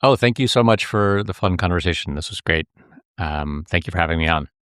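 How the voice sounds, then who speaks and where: Deep voiced guy on a podcast, trips over his words a lot, dry sound. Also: fairly quick, clean tone, dry recording. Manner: stammering, repeats words, animated. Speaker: podcast guest. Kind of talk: casual interview chat.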